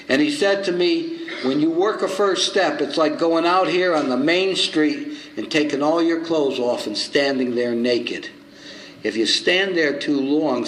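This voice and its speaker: An older man in his seventies tells a story from the podium at a recovery meeting, and his voice sits a little on the high side. He acts out both sides of old conversations with lively swings. The sound carries the echo of a hall over a faint noise floor. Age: 70s. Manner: animated storyteller acting out both sides of dialogue. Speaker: recovery circuit speaker.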